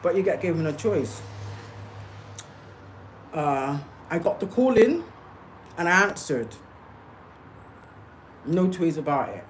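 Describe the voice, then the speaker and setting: Talking slowly in a low, sing-song voice with long pauses, a woman addresses her livestream viewers casually yet insistently, frequently asking "okay?" and "yeah?". She's a spiritual livestreamer; the audio is poor, with slight background noise.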